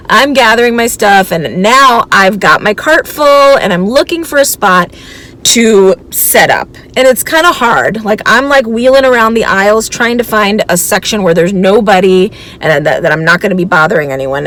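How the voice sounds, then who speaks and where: A woman reseller vlogger telling a thrift-store story in a chatty, animated way. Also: medium pitch. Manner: chatty, animated, laughs between lines. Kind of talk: casual storytelling vlog.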